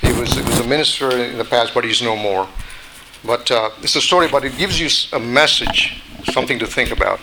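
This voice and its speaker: A man's voice: mid-range voice, noisy background. A man reading a devotional story aloud, hesitant with many restarts. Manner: halting, frequent restarts and fillers.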